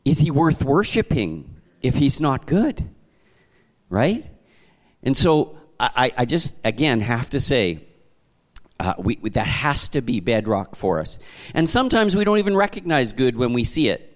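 A man from Canada preaching to a congregation, telling stories in a conversational, animated way with frequent restarts. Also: medium pitch, measured pace. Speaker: pastor. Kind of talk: sermon.

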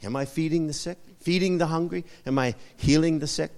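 A man's voice: fairly high pitch, brisk, darkish tone, in a large hall. A male pastor preaching a sermon, repeating short emphatic phrases and asking the congregation for amens.

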